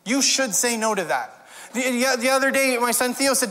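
A man's voice: very high-pitched, normal speed, bright, forceful tone. A male pastor preaching a sermon in a conversational way, with wry humorous asides. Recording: long hall reverb.

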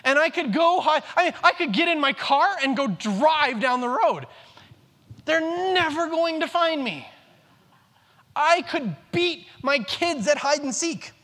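A man's voice: very high-pitched, lively intonation, measured pace, pushed and bright. A man in his thirties preaching a sermon, earnest, repeating key phrases for emphasis. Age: 30s. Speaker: pastor. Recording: long reverb in a large hall.

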